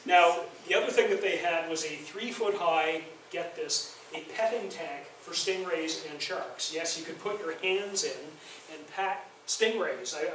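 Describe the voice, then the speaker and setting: A man's voice: a little high, a bit bright, a little hiss or hum. A man giving a public lecture in a university lounge, telling chatty, self-deprecating stories about his filmmaking. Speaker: guest lecturer and documentary filmmaker. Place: university faculty lounge, indoors. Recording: very echoey room, voice far from mic.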